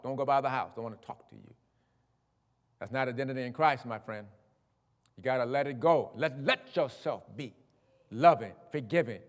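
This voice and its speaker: A man preaching a sermon in a folksy, conversational way, often addressing listeners as a friend and dropping low for asides. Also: big-room sound. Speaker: pastor.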